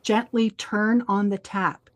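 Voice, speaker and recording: A woman speaks slowly in a medium pitch as she co-hosts a podcast. Chatting casually, she tells a story in an animated way, taking on the voices of its characters.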